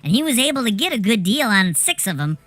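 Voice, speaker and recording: Lively, bright-voiced woman telling a story. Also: fairly high pitch, fast. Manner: rambling, animated, swears casually. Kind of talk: casual anecdote telling.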